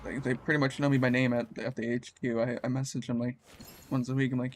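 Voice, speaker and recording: A man's voice: mid-range voice, flat delivery, fast. A man, casually chatting while streaming a game, with a groggy just-woke-up voice and a rambling, slangy, laid-back way of talking. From Canada. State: groggy morning voice. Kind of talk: casual chat while gaming.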